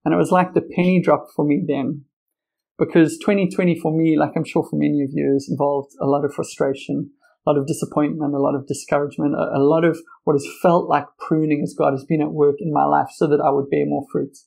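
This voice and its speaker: A man's voice: a little high, flat delivery, brisk, vocal fry, warm tone, rough recording. A young man preaching an earnest, conversational sermon with personal stories. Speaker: pastor.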